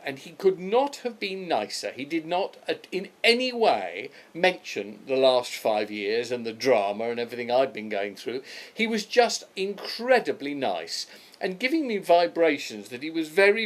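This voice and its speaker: Older man, storytelling, lively up-and-down pitch, slightly high voice. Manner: animated, puts on quick voices for others. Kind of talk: anecdotal storytelling.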